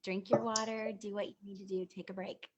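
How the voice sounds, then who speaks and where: A woman's voice: mid-range voice, flat delivery, brisk. A woman counselor hosting a talk, speaking in a supportive, reassuring way. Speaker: counselor host. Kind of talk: gentle counseling conversation.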